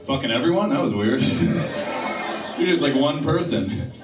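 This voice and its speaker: A man's voice: mid-range voice, expressive, normal speed, over music. A male stand-up comedian telling brash, self-mocking stories on a comedy club stage. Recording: roomy sound from a distant mic.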